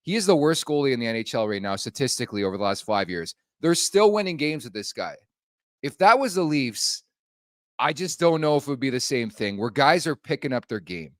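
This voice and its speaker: A man's voice: medium pitch, sing-song, a little fast, a bit bright, no room sound, studio quality. A man hosting a sports podcast, talking in a blunt, casual way and swearing freely. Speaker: podcast host.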